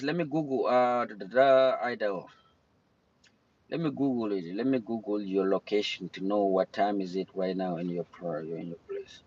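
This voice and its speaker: Speaking at a moderate pace in a slightly mellow, lowish voice, a young livestream host chats casually in or near his car. The audio is dull with no room sound, and he wanders from topic to topic, stopping to say hello to people in the chat.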